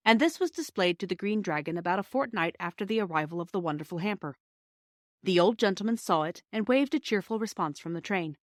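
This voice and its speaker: A woman reading a classic children's storybook aloud in a measured, expressive way. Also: medium pitch, no room sound, clean studio sound. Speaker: reader.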